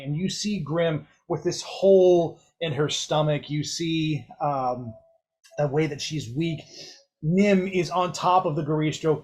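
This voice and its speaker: Slightly high-voiced man running a game. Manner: casual, rushes through rules. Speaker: game master. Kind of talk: narrating a tabletop game.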